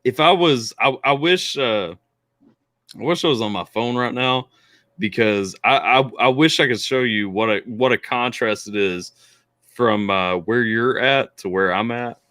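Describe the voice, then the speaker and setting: A man hosting a casual remote chat, talking in a rambling, animated way with lots of restarts. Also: mid-range voice, a little slow, no room sound, studio quality. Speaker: podcast host.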